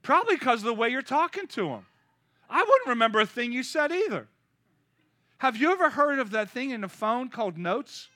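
A man in his fifties preaching a lively, joking sermon with call-and-response. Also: extremely high pitch, fairly quick. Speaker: pastor.

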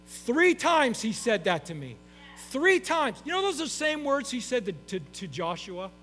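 A man's voice: very high voice, sing-song, moderate pace, a bit bright, faint music behind. A middle-aged man preaching a sermon to his congregation, emphatic and repeating his key phrases. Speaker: pastor. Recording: long hall reverb with faint mains hum.

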